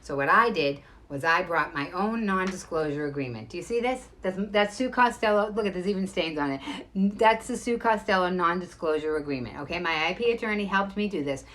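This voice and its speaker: Fast-talking emphatic woman, low voice. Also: a bit bright. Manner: rapid, emphatic, restarts a lot. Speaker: show host. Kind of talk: direct-to-camera storytelling.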